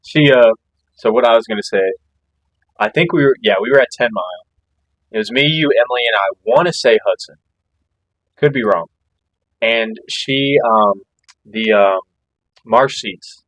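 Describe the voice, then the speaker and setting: A man's voice: medium pitch, moderate pace, pauses often, fairly bright tone, no room sound, low-quality recording. Easygoing laughing man, dry mic. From Missouri. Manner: easygoing, laughs often, says "dog". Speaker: podcast co-host. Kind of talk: casual chat.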